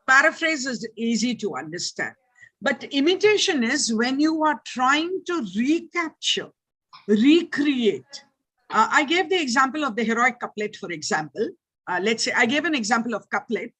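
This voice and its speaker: Older indian lady lecturing on a video call, high-ish husky voice, keeps asking "right?". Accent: Indian English. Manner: animated, teacherly, checks listeners with "right?". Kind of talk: online lecture Q&A. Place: online video meeting.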